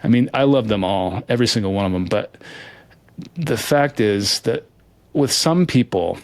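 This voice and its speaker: A man with a fairly low voice speaks earnestly and a little hesitantly, restarting his thoughts as he answers interview questions. The sound is dry and close. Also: lively intonation, moderate pace, dry recording. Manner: earnest, hesitant, with many restarts and soft laughs. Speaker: interview guest, lottery winner. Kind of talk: candid reflective interview answers.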